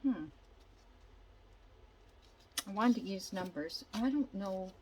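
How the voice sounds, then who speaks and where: An older woman talks slowly and easily through a crafting session, musing to herself about each step. She wanders off into a rambling story and keeps losing the thread. Her pitch sits in an ordinary middle range. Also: animated, darkish tone, a little hiss or hum, rough recording. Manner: chatty, thinks aloud while working, rambling storyteller. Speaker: junk journal crafter. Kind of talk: casual crafting vlog.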